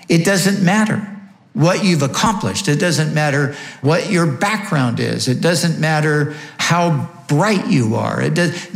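Emphatic male preacher in an echoey room. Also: fairly high pitch. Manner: emphatic teaching with rhetorical questions. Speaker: pastor. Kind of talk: sermon.

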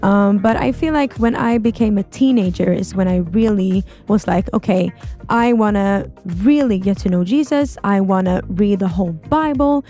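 Warm young woman, earnest answer. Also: medium pitch, moderate pace, faint music behind. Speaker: guest musician. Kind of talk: interview answer.

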